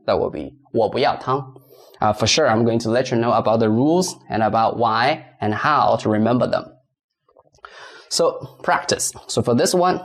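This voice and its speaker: A man teaching beginners pronunciation, patiently repeating sounds and stressing tones. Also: mid-range voice. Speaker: Mandarin teacher.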